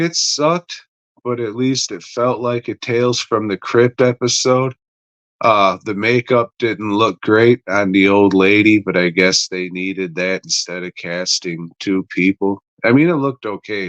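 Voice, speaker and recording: Slow, dry-voiced man casually reviewing. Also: lowish voice, fairly bright tone, no room sound, muffled recording. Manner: rambling, profane, offhand. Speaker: podcast host reviewing episodes.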